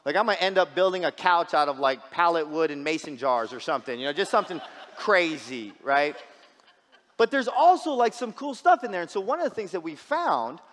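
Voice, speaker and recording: A man's voice: fairly high pitch, animated, a little fast, fairly bright tone, big-room sound. A man preaching a sermon as a guest pastor, casual and joking, often repeating words as he restarts. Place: church sanctuary.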